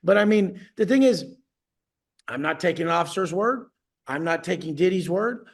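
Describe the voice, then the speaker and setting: A man's voice: high voice, lively intonation, normal speed, creaky. A man coaching clients on a video call, ranting bluntly and profanely, boasting as he goes.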